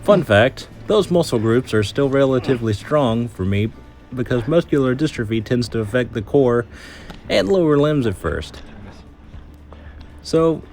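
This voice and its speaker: A man's voice: medium pitch, darkish tone. Winded man on an outdoor trail vlog. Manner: chatty, joking, explains his muscles in plain terms. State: out of breath. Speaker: vlog host. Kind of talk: hiking vlog narration.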